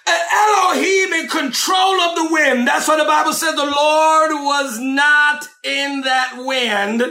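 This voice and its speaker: A man preaching a sermon, shouting and dramatic, with asides to the congregation. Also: very high voice, steady tone, slow, hardly any pauses, roomy sound.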